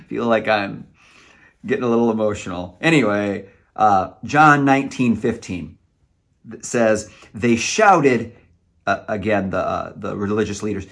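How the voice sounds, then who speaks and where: A man's voice: on the low side, a little slow, a bit bright. A man preaching a sermon, earnest and emotional, sometimes stumbling over his words.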